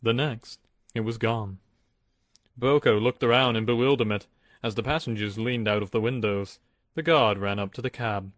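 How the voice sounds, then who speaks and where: A man's voice: mid-range voice, normal speed, a bit bright, dry recording, clean studio sound. A man narrating a scripted storybook with a dramatic reading style.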